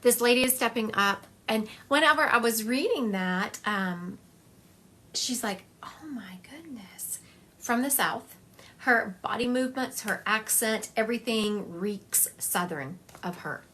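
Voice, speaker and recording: A woman's voice: on the high side, measured pace, sharp tone. Chatty woman psychic medium on a live stream. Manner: chatty, confiding, thinks aloud.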